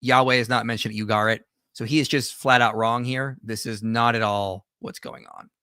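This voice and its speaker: Guy doing a livestream reaction, bright sharp voice, keeps restarting his sentences. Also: medium pitch, fairly even intonation, moderate pace, clear, resonant tone, dry recording, clean studio sound. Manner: conversational, frequent restarts and self-corrections. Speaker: host.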